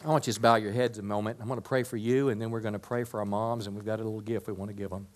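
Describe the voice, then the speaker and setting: A pastor preaching a sermon to a congregation, lively and humorous, then softening into quiet prayer. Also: male voice, on the low side, racing, few pauses. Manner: animated preaching, dropping to soft prayer.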